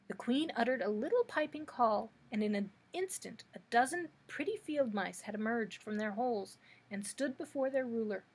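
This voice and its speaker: Female librarian narrator, storybook read-aloud, slightly high, breathy tone.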